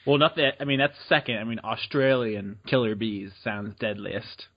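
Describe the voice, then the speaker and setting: A man's voice: fairly low pitch, steady tone, moderate pace, dull audio. A man co-hosting a podcast, laughing easily and answering with dry skepticism. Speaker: podcast co-host. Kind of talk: casual chat.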